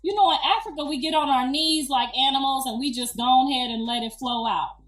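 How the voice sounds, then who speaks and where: Middle-aged woman, high voice; emphatic, profane storyteller; distant mic in a reverberant room. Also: fairly quick. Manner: animated, emphatic, profane, slangy. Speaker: grandmother telling a birth story. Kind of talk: casual storytelling. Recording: echoey room, distant mic, faint music.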